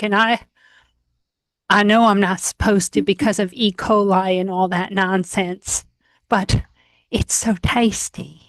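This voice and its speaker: Dry slow-talking woman improviser. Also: mid-range voice, no echo. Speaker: improv player. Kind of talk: improv comedy game.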